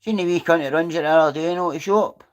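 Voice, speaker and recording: A man's voice: a little high, very fast. A Scottish man chatting casually on a livestream, rambling through a story and swearing freely, sitting outdoors. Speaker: livestream host.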